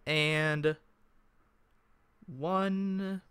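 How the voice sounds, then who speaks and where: A man running a tabletop game as game master, narrating in an unhurried way and thinking aloud. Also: on the high side, fairly even intonation, bright, forceful tone, clean tone, dry recording.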